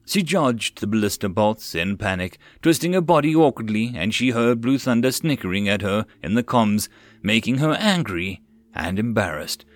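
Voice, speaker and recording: A man narrating a web novel audiobook, expressive and swinging with the action. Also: lowish voice, normal speed, no room sound. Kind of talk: reading a web novel aloud.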